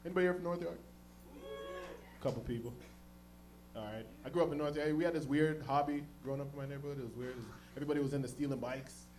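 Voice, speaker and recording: A man from the Toronto area doing a stand-up comedy set on a club stage, telling stories loudly and jumping into high-pitched voices for other characters. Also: fast, a little hiss or hum. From Toronto area, Canada. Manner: loud, animated storytelling, jumps into high-pitched voices for characters.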